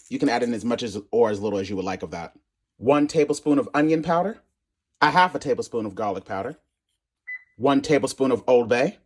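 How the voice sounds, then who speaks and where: Sassy maryland guy doing a cooking video at home, mid voice, says honey a lot. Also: medium pitch. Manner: sassy and animated, calls viewers honey and child, casual swearing. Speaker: cooking channel host. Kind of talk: casual cooking tutorial.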